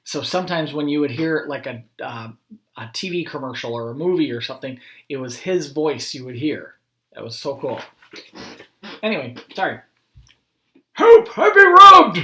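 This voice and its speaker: A man, a school principal, reading a picture book aloud to children and chatting gently in asides. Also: mid-range voice, normal speed. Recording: roomy echo.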